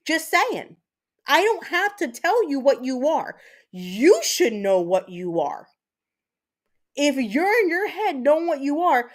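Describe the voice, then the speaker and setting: A woman hosting a livestream, ranting angrily to her chat, blunt and full of swearing. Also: high-pitched. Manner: angry, profane, blunt. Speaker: livestream host.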